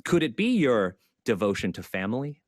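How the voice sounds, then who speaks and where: A man's voice: mid-range voice, sing-song, moderate pace, dry recording, clean studio sound. A man speaking earnestly as a panelist in an online panel discussion, repeating his key points with frequent fillers. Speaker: panelist and zine creator.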